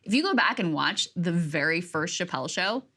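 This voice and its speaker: A woman co-hosting a political news show, chiming in quickly and conversationally. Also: on the low side, animated, bright, forceful tone. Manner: quick conversational, chimes in and hedges. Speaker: co-host.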